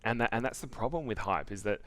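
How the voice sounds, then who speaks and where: A man co-hosting a casual games chat show, talking haltingly with restarts and frequent laughs. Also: on the low side, animated, a bit bright. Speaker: podcast co-host.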